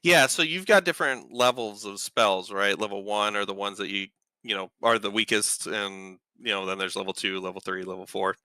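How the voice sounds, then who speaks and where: A man's voice: fairly low pitch, steady tone, normal speed, sharp tone, no room sound. A man narrating as game master of a tabletop game, loose and rambling with many fillers.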